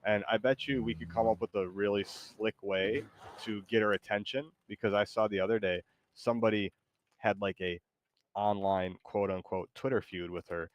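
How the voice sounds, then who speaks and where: A man's voice: fairly low pitch, steady tone, normal speed. A man streaming a video game and chatting casually, playful and rambling, with lots of fillers. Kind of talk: casual gaming chat.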